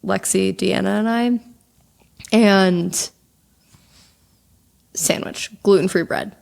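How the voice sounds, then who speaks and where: Young woman, podcast co-host, casual chat, gravelly fry, rambling with fillers. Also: medium pitch, takes it slowly, darkish tone. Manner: chatty storyteller, lots of fillers.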